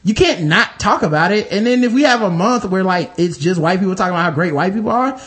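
A man's voice: high voice, expressive, quick pace, a bit bright. A man in casual podcast chat, rambling through comic riffs full of swearing and mock voices.

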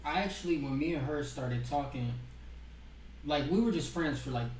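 A man's voice: a little high, normal speed, darkish tone, slight background noise. A young man co-hosting a podcast, chatting casually with lots of filler words. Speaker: podcast co-host. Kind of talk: casual chat. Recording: roomy, distant from the mic.

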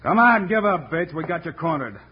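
A man playing a steady, commanding western hero in 1950s radio acting, on a lo-fi transcription. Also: mid-range voice, brisk, slight background noise, close to an everyday voice. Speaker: western hero Wild Bill Hickok.

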